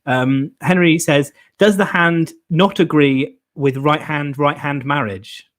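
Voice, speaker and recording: A man's voice: fairly high pitch, steady tone, slow. A man hosting a comedy phone-in show, amused as he quizzes callers. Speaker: host.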